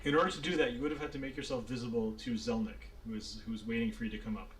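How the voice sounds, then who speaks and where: A man's voice: mid-range voice, steady tone, racing, a little hiss or hum. Laughing man running a tabletop game. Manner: loose and swearing, often laughing. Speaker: dungeon master.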